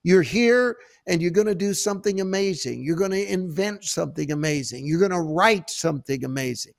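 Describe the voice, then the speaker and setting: A man hosting a Christian talk show, telling stories in a fervent, preacherly way with halting restarts, on a close mic. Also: high-pitched, expressive, gravelly, dry recording. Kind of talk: preacherly storytelling and interview.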